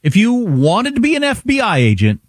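A man's voice: sits high, huge pitch swings, moderate pace, no echo. A man co-hosting a talk radio show, telling wry, sardonic stories in casual banter. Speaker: radio co-host.

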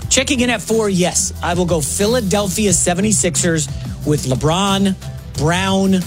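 A man in his forties filling in as host of a sports radio show, talking fast and excitedly with quick asides and self-corrections. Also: high voice, music in the background. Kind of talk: energetic sports talk.

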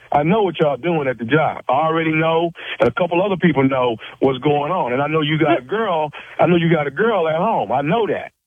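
Pushy prank caller on a tinny phone line. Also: male voice, a little high, no room sound. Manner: smooth, pushy, stammering, stifling laughs.

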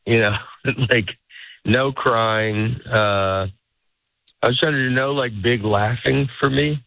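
A man's voice: medium pitch, slow pace, vocal fry. A middle-aged man talks casually as a comedian guest on a radio show, rambling and restarting his sentences as he acts out what others say. His voice comes through thin and phone-like, with a dry, close sound and no room echo. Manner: rambling, self-interrupting, acts out quotes. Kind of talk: casual interview chat.

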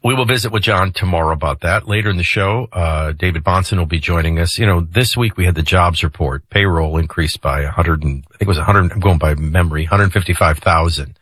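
A man's voice: low-pitched, a little fast, hardly any pauses, husky, no echo. A middle-aged man hosting a radio morning show, talking casually in a folksy, joking way into a studio microphone. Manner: folksy, joking, lively delivery.

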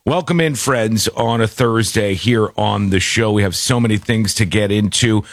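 A man's voice: fairly low pitch, moderate pace, no room sound, studio quality. A man hosting a radio talk show in an upbeat, playful, chatty way. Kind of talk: lively radio show chat.

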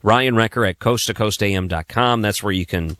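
Man, radio guest host, chatty, low voice, dry studio sound. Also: a little fast, fairly bright tone, no echo. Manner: chatty, friendly asides. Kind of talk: late-night radio talk. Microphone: studio microphone.

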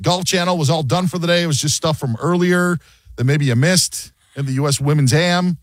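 A man's voice: fairly high pitch, fairly quick, dry recording. A man hosting a sports talk radio show, chatting casually and joking as he acts out quotes. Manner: animated, jokey, acts out quotes.

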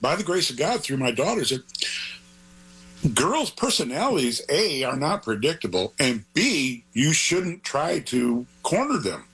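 A man's voice: on the high side, very animated, a little slow, a bit bright, breathy edge, rough recording. An older man, a grandfather, talking as an author guest in an interview, rambling and earnest in a digressive way. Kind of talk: conversational interview.

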